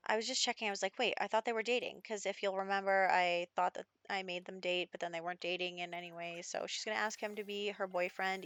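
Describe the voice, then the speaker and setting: A chatty woman talks through her life-sim gameplay like she's telling a friend a story, leaning on "like" and "you know". Her voice sits at an ordinary middle pitch and sounds close and dry, with no room around it. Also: fairly bright tone, no room sound. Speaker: Sims let's play host. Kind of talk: casual gameplay narration.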